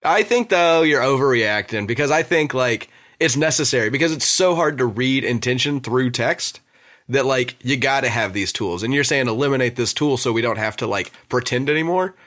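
A man hosting a podcast in a loose, chatty way. He speaks at an ordinary middle pitch and leans on "like" and "you know" as he thinks aloud. The tone is casual and unscripted. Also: moderate pace. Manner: relaxed, chatty, lots of "like". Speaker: podcast host.

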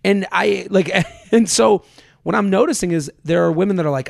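A man with a high, gravelly voice hosts a podcast, talking fast and swearing freely as he jokes at his own expense. The sound is dry and close, with no room echo. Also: fairly even intonation. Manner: fast-talking, profane, self-mocking. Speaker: podcast host. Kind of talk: casual podcast chat.

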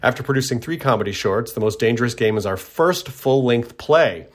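A man's voice: medium pitch, expressive, a little fast. A man from Tennessee hosting his own podcast, talking in a rambling, self-correcting, friendly way. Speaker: podcast host. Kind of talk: casual podcast intro.

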